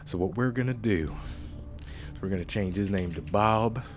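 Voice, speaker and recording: Man, very low pitch, chatty, rambling let's-play commentary. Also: normal speed, soft background music. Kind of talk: casual gameplay commentary.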